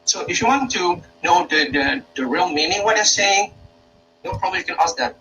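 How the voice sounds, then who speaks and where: A Malaysian man talks through a workshop with a bright, slightly high voice, pausing often and restarting his sentences. He sits some distance from the mic, and a faint background hiss sits under the speech. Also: expressive. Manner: hesitant, many fillers and restarts. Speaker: university lecturer. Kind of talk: informal workshop talk.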